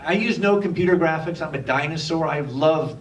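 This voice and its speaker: A filmmaker fields questions in a cinema, jokey and energetic as he tells behind-the-scenes stories. His voice sits a little high and sounds distant from the microphone. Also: fairly quick, a little hiss or hum. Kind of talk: Q&A talk on stage. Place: cinema theatre. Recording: far from the mic.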